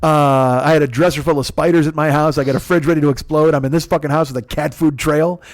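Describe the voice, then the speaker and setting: Fast-talking profane male storyteller. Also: on the high side, fairly even intonation, dry recording. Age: 40s. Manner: rambling, profane, self-mocking storyteller. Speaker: podcast host. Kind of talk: solo comedic storytelling. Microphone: close podcast mic.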